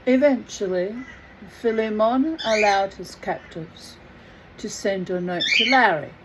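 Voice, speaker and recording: A woman's voice: mid-range voice, measured pace, noisy background. A woman reading a book aloud, with chatty, self-mocking asides. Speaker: reader.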